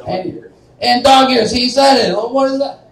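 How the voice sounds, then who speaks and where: His voice is extremely high-pitched, gravelly and unhurried. A young stand-up comedian from Wichita, Kansas, he rambles through self-deprecating material on a small bar's live stage, often laughing at his own jokes, recorded from a distance in the echoey bar room.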